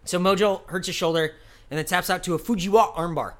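A man's voice: high-pitched, fairly even intonation, fast talker. A man co-hosting a casual podcast, talking in a rambling, profane way and laughing often. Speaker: podcast co-host.

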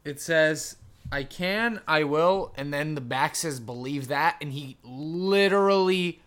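Man, podcast co-host, sarcastic, blunt, bright fairly high voice, repeats words, swears. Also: slow, clear, resonant tone. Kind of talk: casual wrestling chat.

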